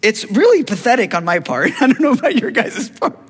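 A man's voice: extremely high pitch, very animated, brisk, slightly rough. A man preaching a sermon, acting out biblical dialogue and calling to the congregation for amens. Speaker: pastor. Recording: long hall reverb.

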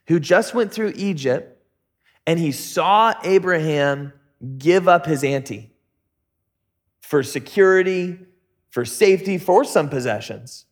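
A man preaching a casual sermon, telling stories in a relaxed, joking, slangy way. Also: a little high. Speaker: pastor.

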